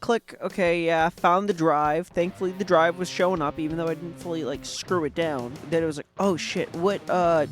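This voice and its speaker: Man, high voice, VTuber, swearing rant, exasperated, faint guitar behind. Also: fairly even intonation, fairly quick, hardly any pauses. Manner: profane, exasperated, peppered with "like" and "right?". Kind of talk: ranting casual monologue.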